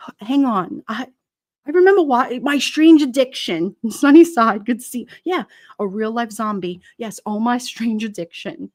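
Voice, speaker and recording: A woman's voice: on the high side, moderate pace, dry recording, studio quality. A middle-aged woman hosting a casual live-stream chat, rambling, laughing often and reading out viewer comments. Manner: chatty, laughs often, rambling with many fillers. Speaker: livestream host.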